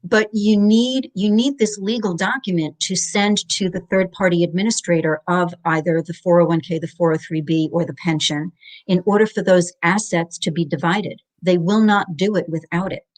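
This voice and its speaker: A woman's voice: fairly low pitch, fairly even intonation, normal speed. A middle-aged woman, a guest in an interview, explaining divorce finances methodically and spelling out jargon step by step.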